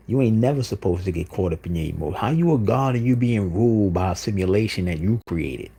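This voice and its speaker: A man's voice: fairly low pitch, animated, brisk, vocal fry, hardly any pauses, dark tone, husky. A man hosting a livestream, delivering an insistent, repetitive monologue with frequent "you know what I'm saying.". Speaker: livestream host.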